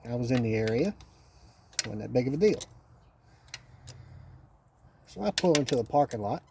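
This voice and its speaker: A man's voice: medium pitch, lively intonation, normal speed, vocal fry, noisy background. A middle-aged man, the channel's host, telling a rambling, folksy story while he works on an old machine in his garage. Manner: rambling, folksy, repeats phrases. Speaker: channel host working on an old three-wheeler. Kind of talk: casual storytelling while wrenching.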